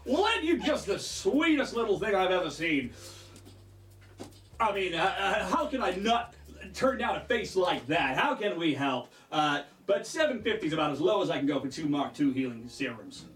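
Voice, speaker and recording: A chatty birdlike shopkeeper with long slender wings, voiced by a man. The voice is raised and lively, full of folksy haggling charm. It sounds roomy and a bit off-mic. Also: high-pitched, moderate pace, far from the mic. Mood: friendly haggling. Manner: folksy, sweet-talking salesman patter.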